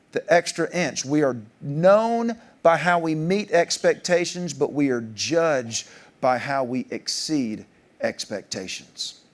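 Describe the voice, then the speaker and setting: A man in his forties tells stories from the stage of a conference keynote. His voice sits a little high and leaps even higher for punchlines, with an easy, jokey storytelling manner. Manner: animated, jokey storyteller, pitch jumping up for punchlines. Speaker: keynote speaker. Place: large conference hall.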